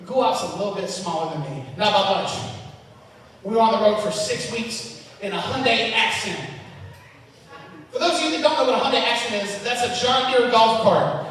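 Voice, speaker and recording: A man doing a loud, profane, self-mocking stand-up set on a comedy club stage, with big shouted punchlines. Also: high voice, normal speed, very echoey, big-room sound, distant mic, low-quality recording.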